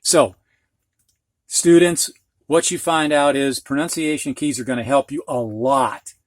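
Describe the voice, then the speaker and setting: A man's voice: medium pitch, fairly even intonation, unhurried, no room sound. A man with a Midwestern accent teaching reading, explaining dictionary pronunciation symbols in a frank, plainspoken way and drawing out sounds to demonstrate them. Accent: American Midwest. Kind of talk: slow, explanatory lesson.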